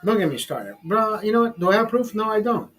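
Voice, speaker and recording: A man's voice: high-pitched, sing-song, fairly quick, fairly bright tone, faint music behind, poor audio. A man hosting his own livestream while drinking, tipsy and boastful, swearing constantly in a crude rant. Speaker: livestream host. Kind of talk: casual profane rant.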